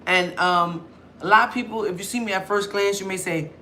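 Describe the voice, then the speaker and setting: Young woman vlogger: bright tone, loud chatty storytelling, a faint hum of noise behind her. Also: mid-range voice, fairly quick. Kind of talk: casual talk to camera.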